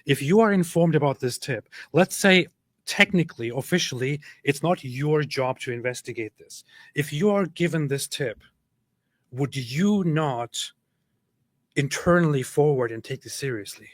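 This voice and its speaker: A man's voice: a little high, moderate pace, no echo. A man in his thirties hosting a livestream, commenting casually on viewer chat in an exasperated, sarcastic way. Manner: exasperated, sarcastic, repeats himself. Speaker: livestream host.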